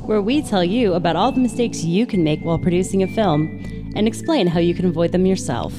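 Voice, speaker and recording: A woman co-hosting a casual podcast, telling a lively family story. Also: fairly low pitch, a little fast, over music. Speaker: podcast co-host. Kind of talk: casual chat.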